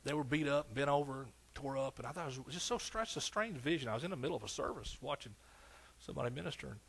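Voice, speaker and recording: A man's voice: mid-range voice, animated, quick pace, creaky, fairly bright tone, slightly rough. A man in his sixties with an East Texas accent, preaching a sermon with fervent exclamations and folksy storytelling. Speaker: pastor.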